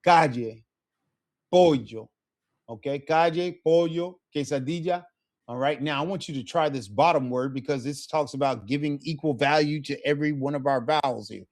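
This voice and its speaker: A man's voice: mid-range voice, a little fast, few pauses. A man teaching a live Spanish lesson, encouraging his student and checking in with frequent questions.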